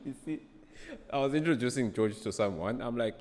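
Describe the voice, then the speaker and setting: A man's voice: mid-range voice, expressive, fairly quick, darkish tone, in a large hall, slight background noise. A man in his late thirties hosting a casual podcast, teasing his guests and laughing often. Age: late 30s. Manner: teasing, laughs often, calls others "bro". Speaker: podcast host.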